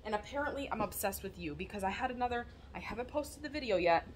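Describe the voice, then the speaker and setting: A woman chatting straight to her phone camera at home, excitable and a little out of breath, in a casual vlog. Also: medium pitch, fast, slight background noise. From Florida, USA. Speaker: vlogger and small business owner. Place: at home, indoors.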